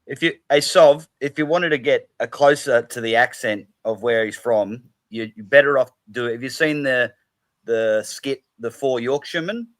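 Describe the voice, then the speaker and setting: A man joins a loose live-stream chat, asking questions about accents. His sentences often fade into quiet mutters. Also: mid-range voice, moderate pace.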